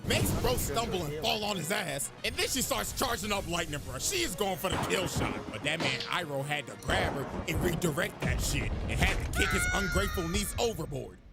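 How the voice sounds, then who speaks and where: A man's voice: sits high, huge pitch swings, a little fast, vocal fry, few pauses, loud music behind the voice. A young man hosting a reaction video, casually recapping a cartoon with comedic, profane storytelling.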